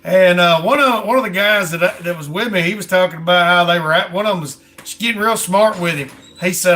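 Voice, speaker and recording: A man talks in an easy, folksy way, full of "ain't" and "I mean". His voice sits high and rings bright and forward. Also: fairly quick, hardly any pauses. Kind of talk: casual chat.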